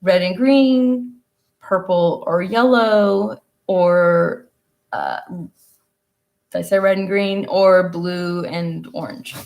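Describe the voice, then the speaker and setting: A young adult woman hosts a relaxed live-streamed painting class on her laptop mic, speaking very slowly in a lowish, steady, darkish voice. Her talk is chatty and meandering, mostly to herself as she paints.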